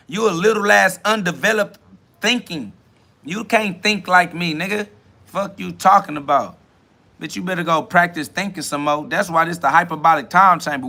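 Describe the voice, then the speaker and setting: Loud boastful man ranting on a podcast. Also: sits high. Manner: loud, boastful, swearing slang rant with bursts of laughter; mimics other people's questions mockingly. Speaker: podcast host. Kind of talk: profane self-talk monologue.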